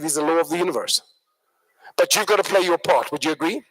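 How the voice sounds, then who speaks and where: A man giving a live motivational workshop talk, an animated, joking storyteller who addresses the audience directly. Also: a little high, quick pace, rough recording. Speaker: workshop speaker.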